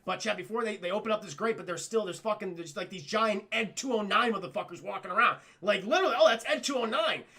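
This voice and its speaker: A man hosting a livestream cartoon review, excitable and profane, who keeps talking to his chat. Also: high-pitched, fast, few pauses, husky. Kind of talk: casual livestream commentary.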